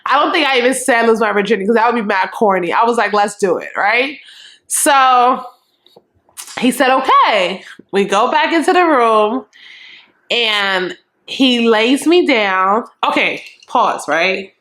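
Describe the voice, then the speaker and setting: A young adult woman vlogger telling a storytime in a frank, animated and profane way, acting out what people said. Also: on the high side, measured pace. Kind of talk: casual storytime.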